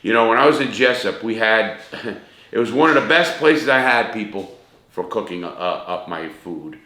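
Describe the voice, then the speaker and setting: Man, middle-aged, cooking show host, chatty, talks to viewers, forceful bright voice, echoey room. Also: fairly low pitch, lively intonation, normal speed. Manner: chatty, talks straight to viewers as "people" and "guys". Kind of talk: casual cooking demonstration.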